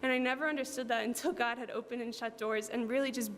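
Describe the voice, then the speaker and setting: A woman's voice: a little high, fairly even intonation, quick pace. A young woman from New Jersey giving an earnest, heartfelt church testimony, with frequent ums and likes. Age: young adult. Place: church hall. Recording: hall reverb with faint hum.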